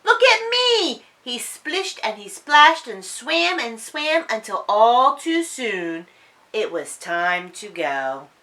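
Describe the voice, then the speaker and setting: A woman reading a children's story aloud in a sing-song, expressive way. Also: a little high, slow pace.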